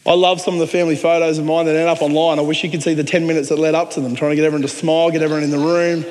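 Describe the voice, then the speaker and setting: An Australian man preaches in a fairly high voice. His delivery is earnest and conversational, with joking asides. His words ring out with a long reverb through a large church hall. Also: flat delivery, rapid-fire, hardly any pauses, darkish tone. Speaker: pastor. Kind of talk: sermon.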